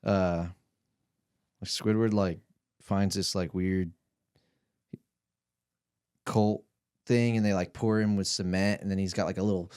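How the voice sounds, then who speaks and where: A man's voice: deep voice, fairly even intonation, a little slow, long pauses, a little mellow, clear, resonant tone. A young man in casual podcast chat, rambling and swearing with lots of fillers. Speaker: podcast guest.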